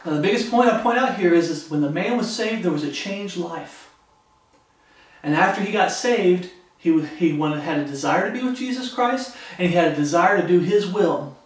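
A man preaching a sermon, fervent and animated, acting out the voices of the people in his story. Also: high-pitched, normal speed. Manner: fervent, acts out quoted voices. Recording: echoey room from far off.

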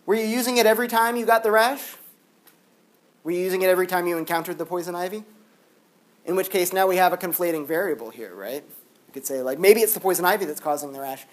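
This university philosophy lecturer has a high voice and talks fast. He lectures his class in a casual, chatty, animated way, dropping "like" constantly.

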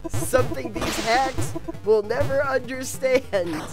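Defiant high-school misfit as a man puts him on, theatrical rant, higher voice, game music behind. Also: measured pace. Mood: indignant ranting.

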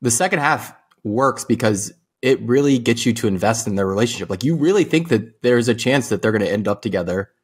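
A man's voice: mid-range voice, expressive, brisk, hardly any pauses, breathy edge. A young man co-hosting a podcast, chatting casually about a film, laughing often and swearing. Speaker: podcast co-host. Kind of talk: casual movie review chat.

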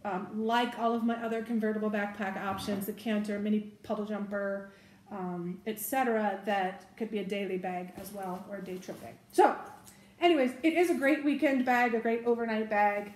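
A woman's voice: mid-range voice, moderate pace, a little mellow, roomy sound, a little hiss or hum. A woman giving a casual product review of bags, chatty and giggly with self-correcting asides. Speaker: bag reviewer.

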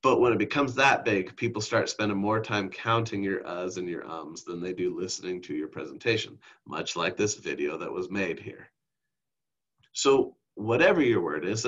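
A man teaching a lesson on speech delivery over slides, who calls his own voice monotone and keeps checking in with "okay?". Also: vocal fry, breathy edge. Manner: self-described monotone, drops into deep exaggerated demos; frequent "okay?" check-ins. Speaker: instructor. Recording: dull lo-fi recording.

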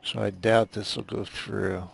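A man's voice: fairly low pitch, flat delivery, a little slow, vocal fry, noisy background. A man casually commenting on a video game as he plays, rambling and self-deprecating, often muttering to himself. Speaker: gameplay commentator. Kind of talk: casual let's play commentary.

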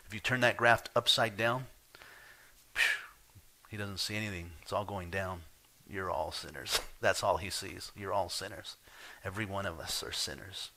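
Preaching at a moderate pace in a low voice, this pastor talks directly to his congregation, moving emphatically between quiet asides and forceful, loud points. There's slight background noise.

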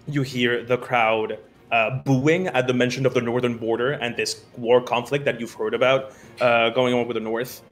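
A man's voice: mid-range voice, steady tone, moderate pace, faint music behind. Casual man narrating a tabletop game. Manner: casual, loose, many fillers. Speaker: game master.

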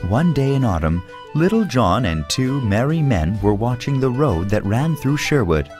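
A man narrating an audiobook for English learners in a lively, expressive storytelling manner. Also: medium pitch, moderate pace, music in the background.

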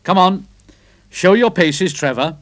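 A man voicing a cheerful working-man engine driver in a storybook, loud, hearty and encouraging. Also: sits high, expressive, takes it slowly, voice pushed up, heavily acted.

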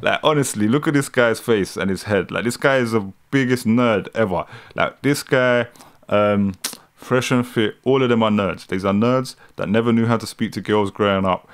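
A British man giving casual live commentary on a news clip, mocking and laughing often, with slangy speech. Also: on the low side. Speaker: streamer reacting to news.

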